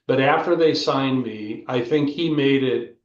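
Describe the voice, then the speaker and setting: Older man, animated storyteller, casual interview guest, roomy, dull sound. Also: medium pitch, a little slow, recorded from a distance. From United States. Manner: animated storyteller, keeps asking "right?". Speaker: former football player, guest.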